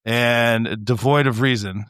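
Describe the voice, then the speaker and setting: Man, podcast co-host, casual chat, animated, laughs a lot, mid pitch, dry sound. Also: slow, smooth, dry recording. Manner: animated storytelling, swearing, laughing often.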